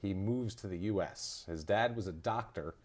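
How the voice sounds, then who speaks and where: A man hosting a casual true-crime podcast, telling the story loosely with lots of swearing and quick jokes. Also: low voice, darkish tone. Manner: loose, profane storytelling with quick comic impressions. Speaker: podcast host.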